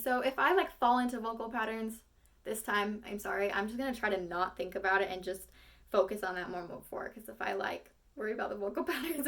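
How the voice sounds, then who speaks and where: A young woman, an acting student, thinking aloud between rehearsal takes, rambling and self-critical with lots of fillers. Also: medium pitch.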